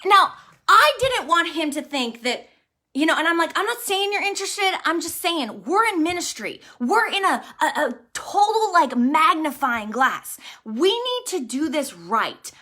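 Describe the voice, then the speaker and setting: A woman in her thirties who leads a ministry, telling a personal story in a casual, excitable livestream chat. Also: extremely high pitch, measured pace. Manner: animated, excitable, talkative storyteller. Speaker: ministry leader and vlogger.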